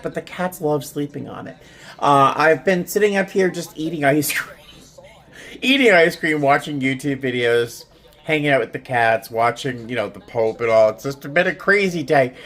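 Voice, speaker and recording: A middle-aged man talks in a relaxed personal vlog from his small home studio. His voice sits at an ordinary male pitch, and he rambles earnestly with plenty of fillers and restarts. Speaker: vlogger.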